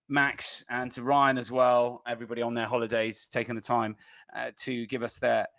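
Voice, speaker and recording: A man hosting a casual rugby podcast in a mid-pitched voice. He is chatty and keeps prompting his guests with questions, restarting his phrases as he goes. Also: a bit bright. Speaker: podcast host.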